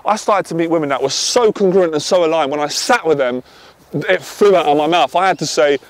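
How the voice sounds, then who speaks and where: A man coaching on dating, talking intensely, swearing and then calming himself down. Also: fairly high pitch, brisk. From half Irish. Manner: intense, swears, swings from loud to quiet. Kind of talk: passionate monologue to camera.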